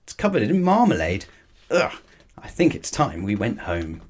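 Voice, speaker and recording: A man's voice: fairly low pitch, huge pitch swings, moderate pace. A man reading a storybook voices a flustered, exasperated middle-aged father with indignant outbursts.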